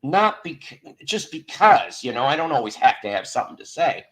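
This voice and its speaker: A man's voice: mid-range voice, sing-song, moderate pace, fairly bright tone. Rambling middle-aged man telling stories. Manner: rambling storyteller with frequent restarts. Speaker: host of a live stream show. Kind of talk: casual chat.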